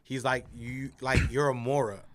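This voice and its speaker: A young man telling stories in a casual podcast chat, profane and animated, acting out the voices of the people in them. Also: mid-range voice, moderate pace, crowd noise. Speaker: radio personality guest.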